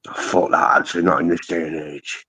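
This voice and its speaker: A man's voice: a bass voice, flat delivery, brisk, bright, forceful tone. A man with a Manchester accent hosting a live stream, rambling through casual chat with plenty of slang and swearing. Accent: Mancunian. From Manchester, England.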